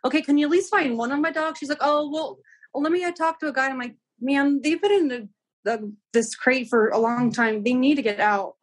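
A woman's voice: sits high, moderate pace. A young woman guest telling a travel story in casual chat, acting out the dialogue with lots of "like". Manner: animated, acts out quoted dialogue, many "like"s.

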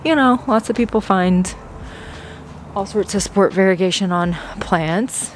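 A woman talks through a plant shopping trip, gushing over what she finds and slipping into breathless, awed whispers. She speaks at an unhurried pace, recorded on a handheld camera in a big store. Faint store ambience runs underneath. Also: medium pitch, slight background noise. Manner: gushing, gasping, whispering in awe. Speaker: plant vlogger. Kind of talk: excited shopping vlog. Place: big box store garden section.

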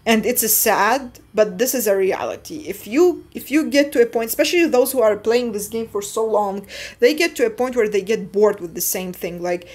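A woman's voice: on the high side, lively intonation, moderate pace, a little mellow. A young adult woman in a casual gaming vlog, rambling and often restarting as she trips over her own words. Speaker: mobile game YouTuber.

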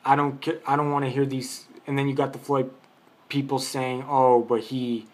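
A man's voice: medium pitch, completely flat delivery, moderate pace. A man giving an unscripted boxing opinion in a vlog, arguing his point, rambling and restarting his sentences. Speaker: boxing commentator.

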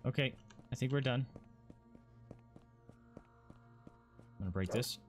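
A man doing casual let's-play commentary, swearing and excitable as he talks to himself and his viewers. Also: medium pitch, takes it slowly, over music. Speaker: gaming streamer.

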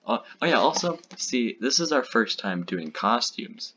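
A man's voice: medium pitch, big pitch swings, measured pace, highs cut off, noisy background. A young man rambling and poking fun at his own old short films as a video host. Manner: rambling, self-mocking. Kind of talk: reaction commentary.

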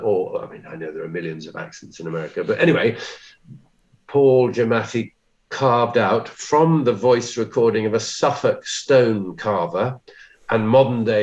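Low-voiced man telling self-deprecating stories. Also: highs cut off. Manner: self-deprecating storyteller, lively quoted asides. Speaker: actor, interview guest. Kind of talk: anecdotal conversational interview.

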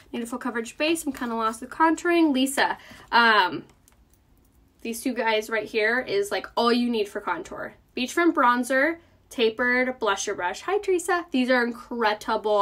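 A woman's voice: fairly high pitch, fairly bright tone. Chatty woman doing live makeup tutorial. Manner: chatty, answers viewer comments. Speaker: makeup seller.

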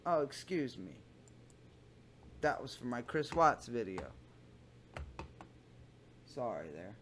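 A man hosting a comedy podcast, reading chat logs aloud and breaking off into low, muttered, swearing asides. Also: very animated, takes it slowly, long pauses, fairly bright tone, a little hiss or hum.

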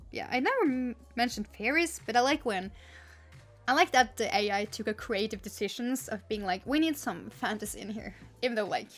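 Giggly young woman, lively vlog chat. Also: a little high. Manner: giggly, chatty, excitable. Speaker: YouTuber. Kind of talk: casual vlog chat and story reading.

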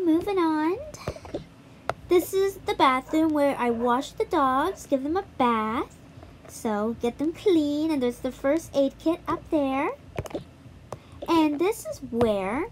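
A woman's voice: high voice, slight background noise. A woman giving a casual, chatty walkthrough of a mobile game, talking straight to her viewers. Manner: chatty, addresses viewers directly. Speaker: gaming YouTuber.

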